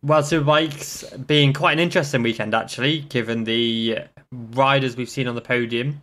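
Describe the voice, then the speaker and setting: A man's voice: mid-range voice, steady tone, normal speed, fairly bright tone. Guy hosting a bike racing podcast, chatty, keeps tripping on his words. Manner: rambling, trips over words. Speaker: podcast host. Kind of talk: casual motorsport podcast chat.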